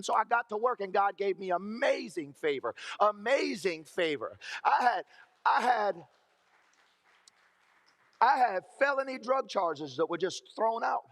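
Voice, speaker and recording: A man's voice: sits high, expressive, moderate pace, a bit bright. A middle-aged man giving a personal testimony at a church camp meeting, emphatic and repeating phrases for effect. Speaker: guest speaker giving testimony.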